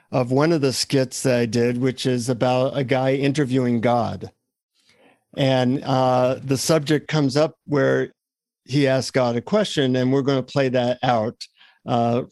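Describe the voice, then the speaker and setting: A man at an ordinary pitch talks reflectively as he co-hosts a podcast, working through ideas. His voice is dry and close, with no room sound, and comes over a video call. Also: a little mellow, dry recording. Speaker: podcast co-host. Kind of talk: casual conversation.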